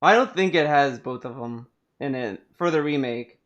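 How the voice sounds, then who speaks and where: A man's voice: medium pitch, animated, normal speed, a bit bright, muffled recording. A man hosting a casual podcast, chatting about games in a rambling way full of fillers and restarts. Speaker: podcast host.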